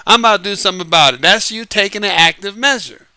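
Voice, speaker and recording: A man hosting his own show as an author, giving a casual, lively monologue, repeating himself and laughing often. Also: high voice, quick pace, clean tone, no echo. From United States. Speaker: podcast host and author. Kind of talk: casual late-night monologue. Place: Southern California.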